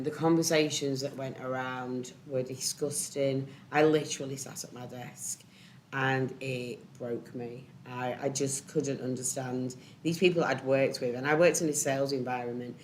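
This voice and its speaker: A woman on a panel, telling a personal story candidly and emotionally, with many pauses and ums. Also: a bass voice, darkish tone, a little hiss or hum. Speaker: panel speaker.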